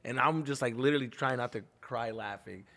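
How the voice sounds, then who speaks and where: A man's voice: mid-range voice, brisk, a bit bright. A male comedian co-hosting a podcast, telling a story animatedly and laughing in a studio. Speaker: comedian co-host.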